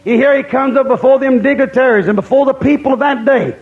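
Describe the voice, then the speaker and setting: A man's voice: very high voice, fast talker, phone-quality sound. A man preaching a camp-meeting sermon, emphatic and repeating his points.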